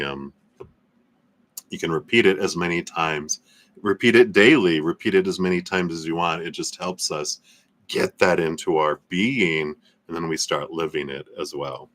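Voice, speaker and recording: A man hosting a live tarot reading, speaking in slow, soothing affirmations with soft laughs. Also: sits low. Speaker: tarot reader.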